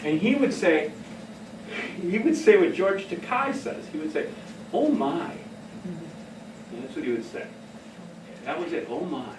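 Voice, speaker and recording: A middle-aged man giving a casual talk on behavioral care, telling stories in an animated way and laughing often. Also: fairly high pitch, measured pace, pauses often, noisy background. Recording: echoey room from far off.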